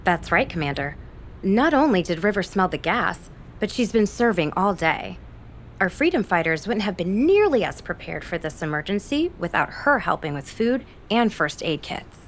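A woman's voice: fairly low pitch, very animated, normal speed, a little hiss or hum. A woman voicing a supportive, matter-of-fact ally of the heroes.

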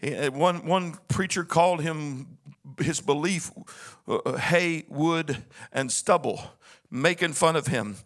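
A man preaching as pastor, swinging from a low murmur to high, chanted shouting in a sing-song cadence. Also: takes it slowly. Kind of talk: sermon.

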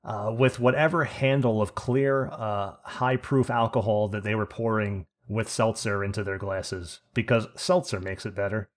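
A man co-hosting a podcast, telling a story in an animated, profane rant and laughing as he goes. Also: lowish voice, moderate pace, hardly any pauses. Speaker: podcast co-host.

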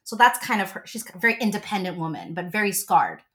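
A woman in her forties, a relationship coach, talking as a guest in a casual interview and telling stories with gushing, animated energy. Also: medium pitch, fast.

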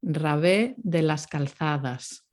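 A woman teaching Spanish pronunciation, patient and clear as she models words and explains rules. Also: low-pitched, takes it slowly, darkish tone. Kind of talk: language lesson.

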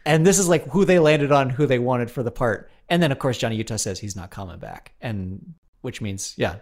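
A man's voice: mid-range voice, lively intonation, brisk. A man in casual comedic chat, rambling through stories, laughing often and swearing offhand.

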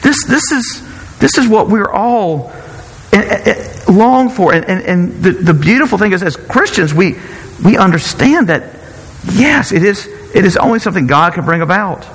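A man preaching a sermon in an earnest, halting way, often repeating words as he searches for the next one. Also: sits high, animated, breathy edge, in a large hall, poor audio.

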